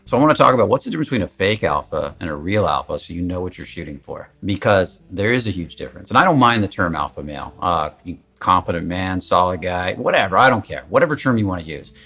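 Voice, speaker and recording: A man's voice: deep voice, animated, quick pace, few pauses, pushed and bright, husky. A man giving a candid, emphatic coaching talk in a casual, conversational way, swearing at times. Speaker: confidence coach.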